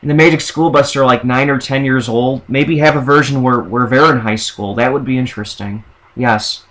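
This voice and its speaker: A man's voice: mid-range voice, fairly even intonation, moderate pace, a bit bright, low-quality recording. Casual man rambling through ideas. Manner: rambling, with fillers and restarts. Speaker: vlogger. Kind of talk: casual monologue listing ideas.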